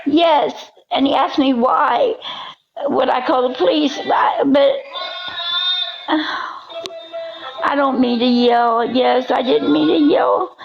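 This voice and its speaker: A hoarse woman on a livestream, talking in an agitated, repetitive way, often yelling and then praying. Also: high voice, muffled recording. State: hoarse, coughing. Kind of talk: emotional livestream rant.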